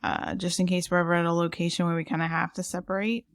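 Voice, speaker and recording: A podcast co-host who has lived in San Antonio, Texas, speaks quickly in a flat, lowish voice, recorded studio-quality with no echo. Her casual chat is talkative, loaded with fillers and regular laughs.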